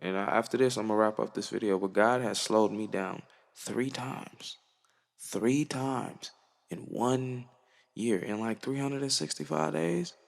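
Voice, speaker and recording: A man's voice: lowish voice, normal speed, gravelly, long reverb tail. A young man musician giving an earnest, slangy, profane monologue to camera. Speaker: musician vlogger. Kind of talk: reflective casual monologue.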